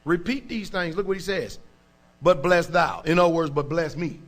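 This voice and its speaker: A pastor preaching with emphasis, his voice sitting slightly high for a man. He talks in plain colloquial speech and keeps asking the congregation whether they follow him. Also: normal speed, a bit bright. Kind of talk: preaching sermon.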